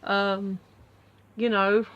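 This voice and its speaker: A woman's voice: medium pitch, flat delivery, extremely slow, a bit bright, dull audio. A woman talking casually to camera at home in a vlog, rambling through her thoughts with lots of fillers and restarts. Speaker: vlogger.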